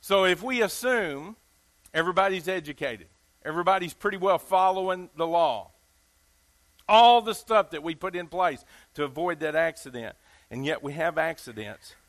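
A Southern US preacher man with a notably high, ringing voice delivers a sermon. He talks in a folksy, emphatic way and keeps putting questions to his listeners. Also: normal speed, a bit bright.

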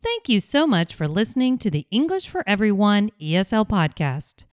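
A woman hosting a scripted English pronunciation podcast, modeling sounds slowly and carefully. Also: mid-range voice, big pitch swings, no room sound, clean studio sound.

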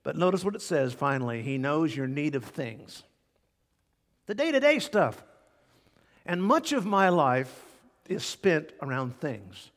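Man, pastor preaching, slightly high voice, long hall reverb, emphatic with loud and hushed swings. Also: expressive, measured pace. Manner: emphatic, repeats key words with dramatic swings from loud to hushed. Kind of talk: sermon.

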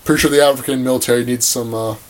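A man's voice: medium pitch, fairly even intonation, rapid-fire. A young man hosting a podcast, joking and rambling sarcastically in a casual movie-review chat. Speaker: podcast host.

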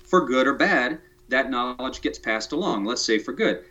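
Here the podcast guest, a man who builds tiny houses, has a medium-pitched, expressive voice with a sharp tone and normal pacing. Joking and casual at first, he moves into detailed, technical territory. The sound is dull and lo-fi.

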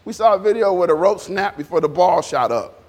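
Brief: very high-pitched male preacher, animated, chatty, long hall reverb. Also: fairly quick. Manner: animated, repetitive, conversational preaching. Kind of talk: informal sermon with congregation responses.

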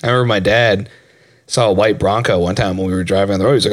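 A man's voice: on the low side, quick pace, a bit bright, no room sound, studio quality. A young man co-hosting a podcast in casual chat, rambling, laughing often and swearing freely. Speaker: podcast co-host.

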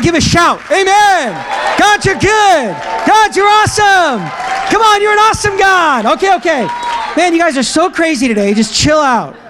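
A man preaching a sermon to a church congregation, energetic and joking, breaking into shouted praise. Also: extremely high pitch, a little hiss or hum. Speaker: pastor. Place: church sanctuary.

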